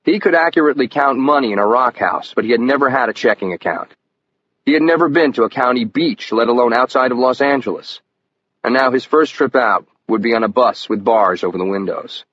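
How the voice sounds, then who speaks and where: A man giving scripted first-person audiobook narration in an even, measured storytelling manner. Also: medium pitch. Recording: muffled lo-fi audio with faint hiss.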